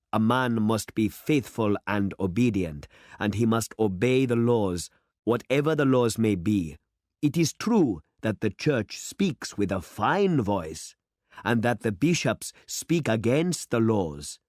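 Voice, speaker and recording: A man's voice: lowish voice, a little mellow, dry recording. A man voicing a worldly, boastful middle-aged city man who speechifies with rising fervor, in a dry, close storybook reading. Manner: expansive, speechifying, rising to oratory.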